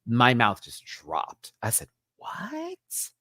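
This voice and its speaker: A man hosting a live recap stream, talking in a sassy, campy way with big swoops in pitch. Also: lively intonation, normal speed, no echo, clean studio sound.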